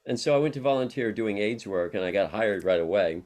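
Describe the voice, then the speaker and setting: A middle-aged man who works in harm reduction appears as a guest on an interview show, spinning long, meandering personal anecdotes in a relaxed way and laughing often. His voice sits on the lower side, expressive and slightly mellow, and he talks fairly quickly.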